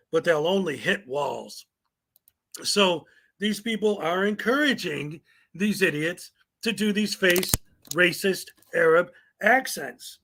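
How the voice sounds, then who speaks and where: A man's voice: high voice, sharp tone. A man hosting a commentary show, reading viewer comments aloud in a sarcastic, mocking way. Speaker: commentary channel host.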